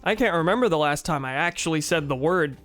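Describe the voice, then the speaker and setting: A man's voice: fairly high pitch, expressive, quick pace, fairly bright tone, soft background music. A young man with a sore throat, casually joking and swearing while streaming a game. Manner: joking, swears, reads game dialogue aloud. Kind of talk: casual gaming commentary.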